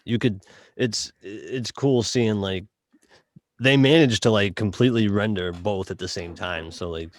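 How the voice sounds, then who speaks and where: A man with a Boston accent talks casually on a podcast, low in pitch and full of stops and restarts. The sound is dry, with almost no room around it. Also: dry recording. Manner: halting, many fillers and restarts. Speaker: podcast co-host reviewing a game. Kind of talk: casual chat.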